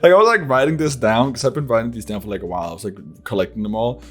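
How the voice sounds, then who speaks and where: A man hosts a loose, casual podcast at an average pitch. He rambles and swears freely, stringing his thoughts together with "like" and bursts of laughter. Faint music sits quietly behind him. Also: lively intonation, racing, slightly rough. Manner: rambling, profane, frequent laughing and "like". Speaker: podcast host.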